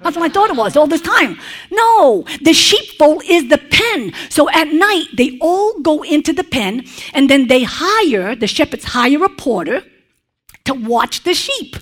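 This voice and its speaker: A woman preacher delivering a sermon, her voice sitting a little high. She speaks emphatically and with plenty of expression, often pausing to check in with her listeners with a quick "okay?" or "right?". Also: sing-song, fairly bright tone. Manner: conversational asides to congregation. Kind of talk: sermon with prayer.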